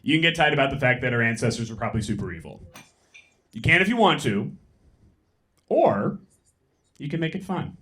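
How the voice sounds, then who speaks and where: A young man doing stand-up on a comedy club stage, talking into a handheld mic and delivering quick, deadpan punchlines. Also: mid-range voice. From San Francisco. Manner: deadpan, quick punchlines, mock voices for bits.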